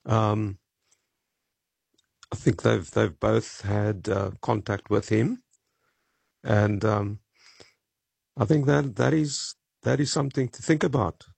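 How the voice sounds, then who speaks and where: Slow, gravelly, hoarse male caller. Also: lowish voice, fairly even intonation, darkish tone, dry recording. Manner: halting, hesitant with many ums. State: hoarse, frog in his throat. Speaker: radio caller.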